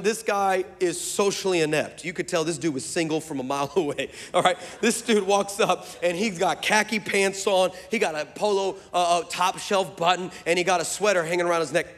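A man's voice: sits high, big-room sound. A man preaching a sermon, telling stories with emphasis and jokes. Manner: emphatic, joking storyteller. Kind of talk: sermon with storytelling.

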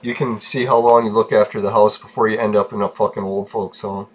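A man's voice: on the low side, flat delivery, brisk, slight background noise. A man podcasting alone, venting bitterly in a casual, profane rant. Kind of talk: casual ranting monologue.

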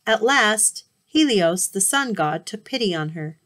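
A woman reading a myth aloud as a storybook, expressive with occasional slips and restarts. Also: mid-range voice, measured pace.

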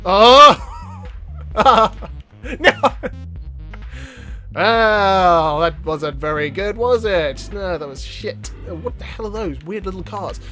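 A man yelping and joking through animated gameplay commentary. His voice runs high for a man, with faint music behind. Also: measured pace, few pauses. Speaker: gaming YouTuber.

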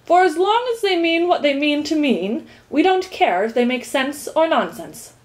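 Cranky clumsy earl, loud and high, woman plays him. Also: animated, moderate pace. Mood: irritable. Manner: irritable, shouting. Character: irritable clumsy male earl.

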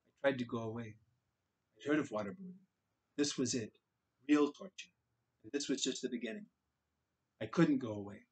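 A man's voice: mid-range voice, moderate pace, long pauses, slightly rough, poor audio. A man narrating a novel in the first person, earnest and dramatic in places. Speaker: audiobook reader. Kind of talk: audiobook narration.

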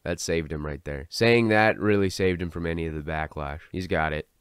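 Low-voiced sarcastic male commentator. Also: moderate pace, clean tone, dry recording, clean studio sound. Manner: sarcastic, mocking. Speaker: online commentator. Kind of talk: commentary vlog.

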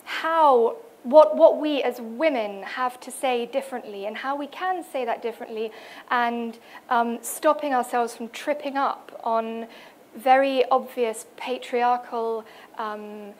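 Woman, conference speaker, presentation talk, hesitant with fillers, slightly high pitch, faint background noise. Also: slow pace. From United Kingdom. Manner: hesitant, many fillers, reads out quotes. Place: event hall.

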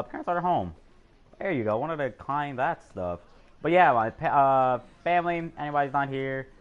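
A young man in his teens giving excitable, jokey gameplay commentary while live-streaming, swearing often. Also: medium pitch, dull audio. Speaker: gamer streamer.

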